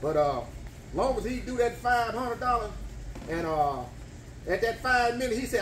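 A man loudly cheering on an eating challenge in a restaurant, whooping and repeating himself. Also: very high voice, normal speed, far from the mic, slight background noise. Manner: excited, repetitive hollering and whooping. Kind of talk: loud cheering commentary. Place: bar and grill dining room. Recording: echoey restaurant room.

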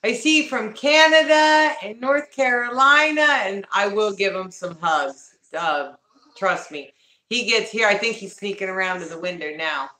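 A woman talks casually to viewers on a livestream at home, greeting people by name and calling out to her pets. Her voice is bright. The room is echoey. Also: medium pitch, expressive, a little slow. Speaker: livestream host talking to viewers.

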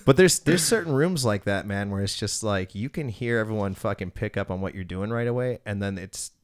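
Low-voiced man telling profane stories. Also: a little fast, clean tone. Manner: profane storyteller, acts out quotes, laughs often. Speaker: podcast host. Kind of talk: casual podcast chat.

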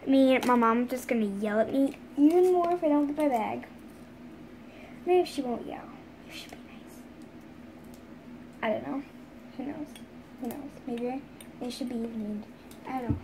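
A woman's voice: sits high, background noise. A woman voicing a chatty young female dog pet who rambles to herself in a home-made toy pet play. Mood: musing. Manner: rambling, fast asides to herself.

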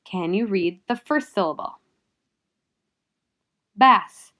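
A woman teacher giving a phonics lesson to young children, sounding out letters and syllables with patient, gentle prompting. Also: mid-range voice, lively intonation, slow pace.

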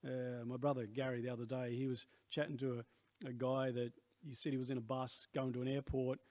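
A man's voice: mid-range voice, level tone, fairly quick, darkish tone, no echo. A man in his sixties with an Australian accent, preaching a sermon in a rambling, conversational way with many asides. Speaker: pastor.

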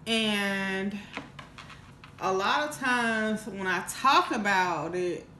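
Speaking very slowly in a sharp, medium-pitched tone, a female mukbang vlogger tells a loose storytime full of restarts and fillers. The room echoes and there's slight background noise, and she comes across as emotional and sincere.

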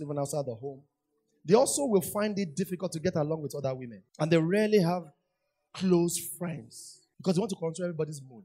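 A man's voice: on the high side, darkish tone, breathy edge. A man preaching a sermon, repeating lines and asking the congregation questions. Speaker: pastor. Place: church hall.

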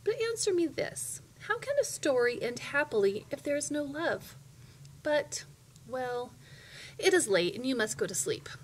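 A woman reading aloud and voicing a stern old lady who tells a bedtime story in a measured, knowing way. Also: high voice, big pitch swings, distant mic, slight background noise, pitched above the performer's own voice.

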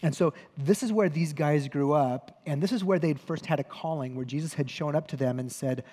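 A male pastor delivers a sermon in a slightly higher register for a man. He speaks conversationally, often correcting himself mid-sentence and adding a wry joke. His voice rings out with a long reverb from a large church hall. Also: fairly quick, few pauses, warm tone, breathy edge. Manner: conversational storytelling with self-corrections.

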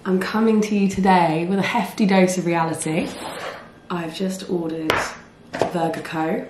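A woman, chatting casually to camera in a rambling vlog, her voice slightly hoarse. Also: fairly low pitch, fairly even intonation, unhurried. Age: 20s. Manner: chatty, rambling, often laughing. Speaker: vlogger. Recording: echoey room with faint ambience.

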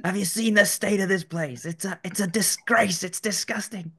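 A man doing a high, furious celebrity-chef impression. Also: normal speed, slightly rough, exaggerated voice. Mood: disgusted. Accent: put-on English accent, poorly done. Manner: shouting, disgusted. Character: shouting British TV chef impression, furious and scornful.

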